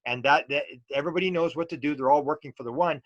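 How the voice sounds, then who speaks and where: A man's voice: a little high, quick pace, no echo, dull audio. A middle-aged man, a UFO researcher talking as an interview guest and telling stories loosely with many restarts and fillers. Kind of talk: casual storytelling interview.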